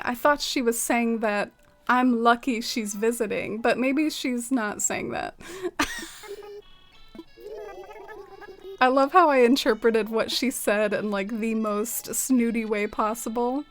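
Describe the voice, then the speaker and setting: A woman's voice: on the high side, a little slow, faint music behind. A young woman streaming a game and chatting casually with viewers, filling her talk with "like" and "um" and laughing often. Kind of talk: casual gameplay chat with viewers.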